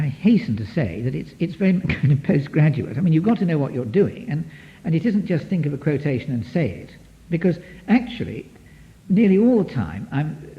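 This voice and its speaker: Man giving a lecture, high-ish voice that swoops around, lots of restarts, muffled lo-fi tape. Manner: lively, digressive, many restarts, taps out rhythms. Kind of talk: lecture to an audience. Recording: dull lo-fi archive tape.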